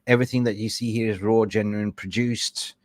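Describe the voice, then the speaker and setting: A man's voice: on the low side, fairly even intonation, fairly quick, no echo, clean studio sound. A man hosting a live stream, talking in a casual, effusive and rambling way. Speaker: livestream host.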